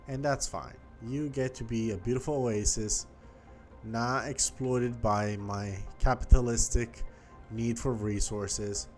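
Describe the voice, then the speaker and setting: A man's voice: mid-range voice, slow pace. A man giving casual gameplay commentary, chatty and thinking aloud as he explores, with faint game music behind him. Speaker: gaming YouTuber.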